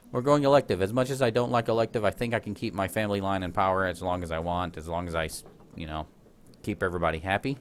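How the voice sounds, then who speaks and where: A man's voice: sits low, steady tone, fast talker, a little hiss or hum. Chatty man narrating his strategy game. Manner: chatty, self-deprecating, laughs at himself. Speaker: let's play host. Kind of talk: casual gameplay commentary.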